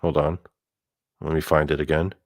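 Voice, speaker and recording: A man telling a story in a casual monologue, animated and profane, with lots of "like" fillers. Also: very deep voice, normal speed, dry recording. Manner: animated and profane, heavy use of "like". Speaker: storyteller host.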